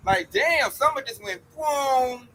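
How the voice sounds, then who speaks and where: A man's voice: very high voice, animated, slow pace, sharp tone, a little hiss or hum, rough recording. A man preaching in an emphatic, slangy street style about coming judgment.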